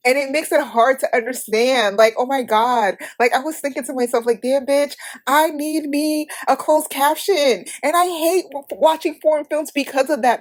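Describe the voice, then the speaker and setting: Blunt, animated woman reviewing a movie. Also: high voice. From United States. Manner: blunt, profane, animated opinions. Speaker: podcast host.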